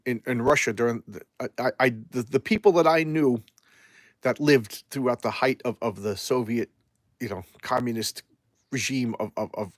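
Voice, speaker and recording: A man's voice: mid-range voice, dry recording, clean studio sound. A man reviewing comic books in a casual live chat, rambling and often repeating and restarting his words.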